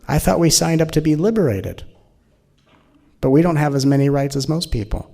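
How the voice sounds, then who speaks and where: Gravelly-voiced man giving a spiritual talk. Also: on the high side, normal speed, pauses often. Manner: animated, playful, slips into mocking voices. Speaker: spiritual teacher.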